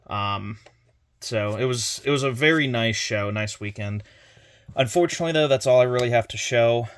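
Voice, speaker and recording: A man's voice: fairly low pitch, fairly bright tone. A young man casually retelling a convention visit, rambling with fillers and restarts as he quotes conversations. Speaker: collector vlogger. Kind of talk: casual convention haul recap.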